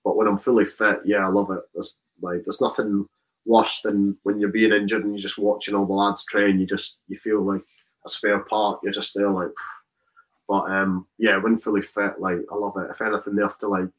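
A young man with a lowish voice talks through his rugby career in an easy, rambling way. He circles back on himself often, with plenty of "like" and "um" along the way. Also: little pitch movement, a little fast, poor audio. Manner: casual, rambling with many fillers and restarts. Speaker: rugby player guest. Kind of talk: casual interview chat.

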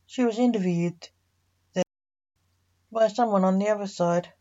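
A woman reading a fantasy story aloud, voicing all the characters in a mostly even narrating voice. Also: mid-range voice, a little slow. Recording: muffled lo-fi recording.

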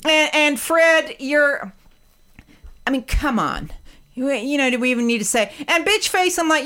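A woman's voice: high-pitched, expressive, unhurried, sharp tone. A woman in casual chat who rambles, stammers and swears often. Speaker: podcast co-host.

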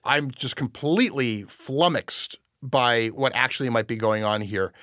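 A man hosting a news commentary show, animated and incredulous, swearing casually. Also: mid-range voice, measured pace, no echo, clean studio sound. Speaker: podcast host. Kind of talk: opinionated news commentary chat.

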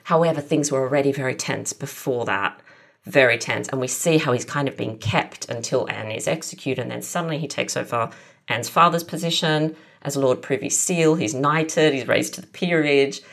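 Woman, very deep gravelly voice, podcast guest, discursive historian. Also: normal speed. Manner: thoughtful, explains at length with many asides. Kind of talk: podcast interview.

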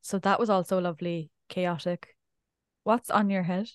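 A woman's voice: lowish voice, fairly even intonation, moderate pace, clean tone, no echo. Chatty young woman with dry sound. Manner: chatty storyteller acting out quoted speech. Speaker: podcast co-host. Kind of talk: casual chat.

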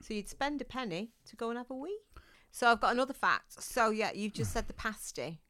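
A woman's voice: on the high side, animated, brisk, sharp tone. A woman co-hosting a podcast, chatting casually and telling a fact as a rambling story with many restarts. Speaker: podcast co-host. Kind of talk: casual family chat.

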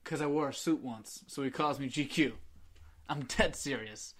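A man's voice: medium pitch, normal speed, fairly bright tone. A young man hosting a podcast, chatting casually and rambling through stories while acting out his friends' lines. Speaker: podcast host. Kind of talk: casual chat.

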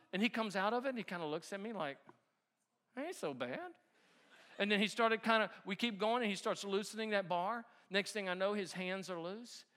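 High, bright-voiced male preacher telling a story. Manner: animated storytelling with laughs, dropping soft for the message. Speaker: pastor. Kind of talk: sermon.

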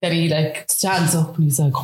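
A woman in her thirties with an Irish accent, telling a personal story in a chatty, animated way with lots of fillers. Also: deep voice, normal speed, echoey room, a little hiss or hum. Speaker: guest. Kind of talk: casual storytelling.

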